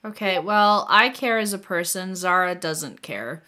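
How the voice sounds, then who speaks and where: A woman playing a character in a tabletop role-playing game, chatty and quick to laugh. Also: fairly low pitch, animated, bright, forceful tone. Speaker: player.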